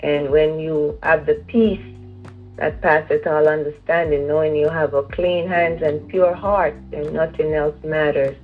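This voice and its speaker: Low-voiced woman praying over a phone line. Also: steady tone, measured pace. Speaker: caller praying. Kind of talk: spoken prayer. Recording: tinny phone line with music.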